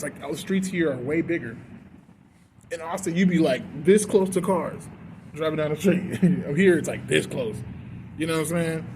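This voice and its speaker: A man ranting casually and profanely about his fast food job, loose and full of fillers, recorded with clear background noise. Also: on the high side. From Texas. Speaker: fast food worker venting. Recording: noisy background.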